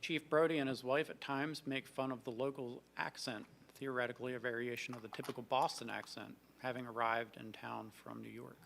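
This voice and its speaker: A man's voice: mid-range voice, fairly even intonation, fairly quick, creaky, few pauses, fairly bright tone, a little hiss or hum. A man co-hosting a live trivia show, reading out fun facts and chatting between questions. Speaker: trivia co-host.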